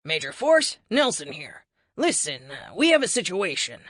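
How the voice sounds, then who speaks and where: A woman's voice: fairly low pitch, very animated, moderate pace, a bit bright, no room sound, studio quality. A woman doing an urgent army major. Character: urgent male military major on radio.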